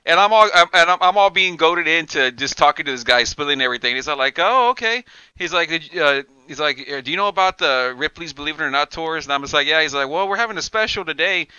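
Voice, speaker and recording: A podcast co-host tells a long, profane story in casual conversation, animatedly acting out the lines of the people in it. His voice is slightly high and fast, with almost no pauses and a clean tone. The recording is dry with no room sound, and the high frequencies are cut off.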